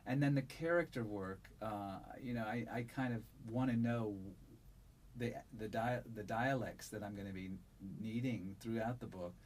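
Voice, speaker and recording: A man who narrates audiobooks, answering interview questions in a relaxed, thoughtful way with a resonant voice and frequent fillers. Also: fairly low pitch, moderate pace, a little hiss or hum. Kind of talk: conversational interview.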